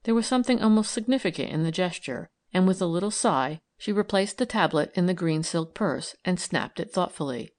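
A woman reads a novel aloud as an audiobook narrator, her voice on the low side. The scripted narration unfolds in a measured, even storytelling style.

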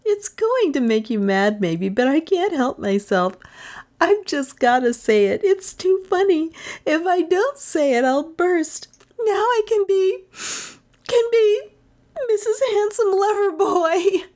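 A woman's voice: very high voice, expressive, extremely slow, hardly any pauses, dark tone, voice pushed up, exaggerated voice. A woman doing a squealing, giddy young woman. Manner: squealing, breathless, giggling. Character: shrieking giggly young woman in love.

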